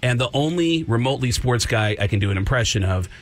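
A male comedian and impressionist, a radio guest, telling stories in an animated way and slipping into voices. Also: mid-range voice, fast talker. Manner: animated storyteller, slips into voices. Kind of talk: casual radio talk.

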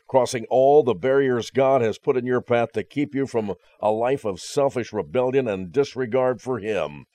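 Low-voiced earnest male preacher. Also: darkish tone, no room sound. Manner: earnest, conversational, with dry jokes. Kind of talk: radio sermon.

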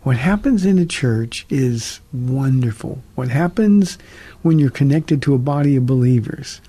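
A man's voice: mid-range voice, animated, measured pace, dark tone, slightly rough. A man, a pastor, answering listener questions on a radio call-in teaching show in an earnest, conversational way with frequent restarts.

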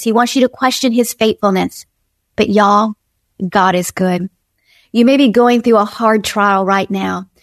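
A woman with a medium-pitched voice preaches an earnest devotional sermon, repeating phrases and voicing inner dialogue as she exhorts her listeners. The sound is clean studio audio with no echo.

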